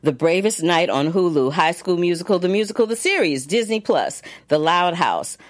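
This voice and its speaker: A woman's voice: fairly low pitch, lively intonation, normal speed. A woman actress hosting casual entertainment news, chatty with many fillers and restarts as she reads long lists of nominees.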